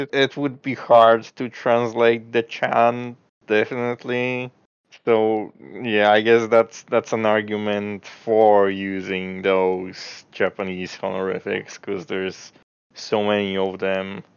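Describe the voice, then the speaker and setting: A man with a smooth voice speaks slowly on a podcast, hesitating and restarting his sentences. His mic sounds dry and dull. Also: lowish voice, little pitch movement, dry recording. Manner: slow, hesitant, halting restarts. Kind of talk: casual podcast chat.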